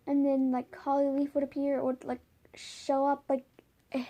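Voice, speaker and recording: A woman's voice: high voice, completely flat delivery, normal speed, mellow. A woman casually making up a fan story at home, rambling with many filler words. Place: home, by a window.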